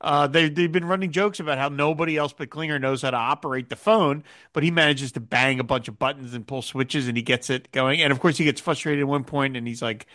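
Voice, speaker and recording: A man's voice: mid-range voice, fairly quick, hardly any pauses. A man hosting a casual podcast chat, recapping a TV episode and acting out the quoted lines with frequent laughs. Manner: animated, acts out quoted lines, laughs often. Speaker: podcast host.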